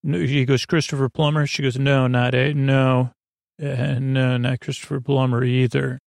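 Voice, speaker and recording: A man's voice: medium pitch, flat delivery, creaky, a little mellow, dry recording. A man hosting a podcast, giving a rambling, comedic recap of a TV episode. He halts often and acts out the characters' lines in a dry, offhand way. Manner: rambling, halting, full of fillers and restarts; dry, offhand retelling of scenes with quoted lines. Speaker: podcast host.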